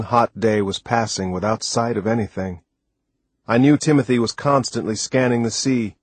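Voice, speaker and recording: A man reading a book aloud as narrator, in a measured, plain storytelling manner. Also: mid-range voice, darkish tone, no echo. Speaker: audiobook narrator. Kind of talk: scripted narration.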